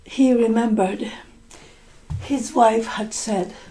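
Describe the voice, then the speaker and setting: A woman's voice: a little high, fairly even intonation, slow, warm tone, slight background noise. A woman telling a folk tale to English learners, repeating and rephrasing lines and explaining words as she goes. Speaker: storyteller and English teacher.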